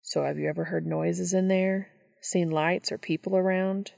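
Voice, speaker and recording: A woman voicing a gruff, stubborn male monster hunter in a storybook reading. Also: on the low side, steady tone, moderate pace, dark tone. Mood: tense.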